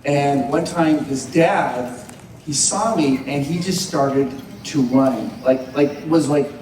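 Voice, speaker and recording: A fairly high-voiced man tells an earnest, heartfelt story to a convention crowd. His voice rings through a large echoey hall, picked up from some distance away. A faint hum of the hall sits underneath. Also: slow, a little mellow. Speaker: panel guest.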